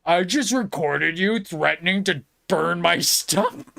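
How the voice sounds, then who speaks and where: Slow, mocking man ranting sarcastically. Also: high voice, animated, gravelly, bright, forceful tone. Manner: mocking, sarcastic, profane, laughing between jabs. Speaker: podcast host. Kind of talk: ranting reaction commentary.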